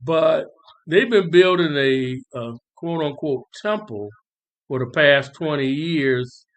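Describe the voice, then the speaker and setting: A man's voice: a little high, slow pace. A man hosting a casual talk podcast, musing with laughing asides. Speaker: podcast host.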